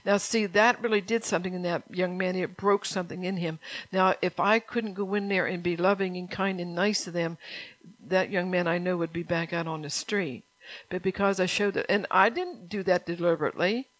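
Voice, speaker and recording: Folksy woman preacher with a lowish voice, earnest and chatty, dry close sound. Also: fairly even intonation, normal speed, no room sound, poor audio. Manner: folksy and earnest, often breaks into laughter. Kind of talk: sermon.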